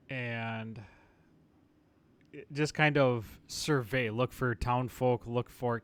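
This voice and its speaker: A man's voice: mid-range voice, clear, resonant tone. A man playing a tabletop roleplaying game, describing what his character does in a casual way. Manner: speaks for his character in third person. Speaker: player.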